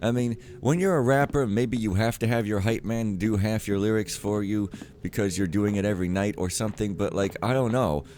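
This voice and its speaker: A man's voice: fairly low pitch, brisk, hardly any pauses, a little mellow, a little hiss or hum. A man giving casual gameplay commentary, rambling and cutting himself off as he rants. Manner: rambling, self-interrupting, ranting. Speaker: let's player.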